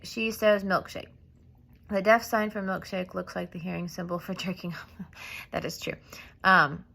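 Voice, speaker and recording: Bright, gravelly woman explaining signs. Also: fairly low pitch. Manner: informal, halting, lots of fillers and restarts. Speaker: sign language teacher.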